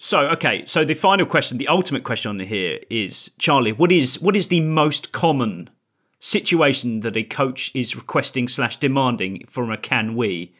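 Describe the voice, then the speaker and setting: A man's voice: medium pitch, animated, moderate pace, a bit bright. A man hosting a football podcast, musing wryly and laughing easily as he chats with his guests. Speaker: podcast host. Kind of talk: casual chat.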